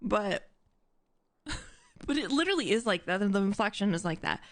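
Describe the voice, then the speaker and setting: A woman live-streaming casual chat to her audience, animated and admittedly dramatic. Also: mid-range voice, normal speed, no room sound. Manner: animated and self-described dramatic.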